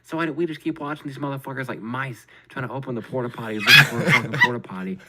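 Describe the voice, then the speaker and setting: Fast-talking, profane man telling a story. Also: mid-range voice, heavy background noise. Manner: profane, animated, acts out his own reactions. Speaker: podcast host. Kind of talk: casual storytelling chat.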